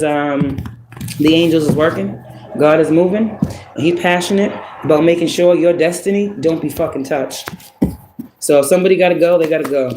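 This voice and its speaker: A man's voice: a little high, reverberant, noisy background. A man giving a casual tarot reading, emphatic and profane, often laughing as he talks. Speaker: tarot reader.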